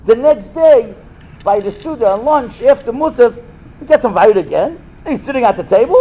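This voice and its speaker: High lively guy telling a story in a sermon, kinda muffled recording. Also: brisk, husky. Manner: animated storyteller acting out voices. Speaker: rabbi giving a talk. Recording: dull lo-fi recording.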